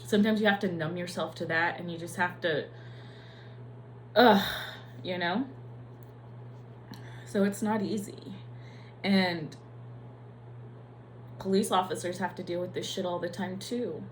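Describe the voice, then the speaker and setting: A woman's voice: fairly low pitch, unhurried, pauses often, a little hiss or hum, rough recording. A young adult woman, a nurse, speaking in a candid, profane and emotional personal vlog.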